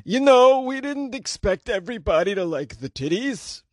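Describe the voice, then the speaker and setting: A man voicing an elderly male church spokesman, in a slow, deliberate put-on old man's voice. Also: very high voice, big pitch swings, dry recording, studio quality, pitched above the performer's own voice. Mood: measured.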